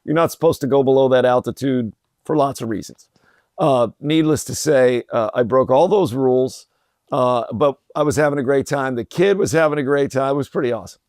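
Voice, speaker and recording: A middle-aged man telling a personal story in an interview, relaxed and full of fillers and restarts. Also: medium pitch, fairly quick, no room sound, studio quality. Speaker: podcast guest, company president. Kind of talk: conversational storytelling.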